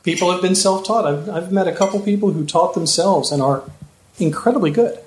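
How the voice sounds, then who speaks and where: A man as a guest hypnotist, explaining calmly and sometimes slipping into a deeper, smoother trance voice, recorded live. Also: brisk. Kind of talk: live podcast conversation. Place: room with live audience. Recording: echoey room.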